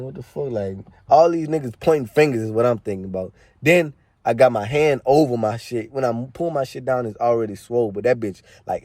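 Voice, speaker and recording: A young man spins a casual story in heavy slang, cursing often and leaning on "like" and "man" between phrases. His voice sits a little low with a dark, relaxed tone, and it sounds close and dry. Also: no echo. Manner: slangy and profane, packed with "like" and "man" fillers.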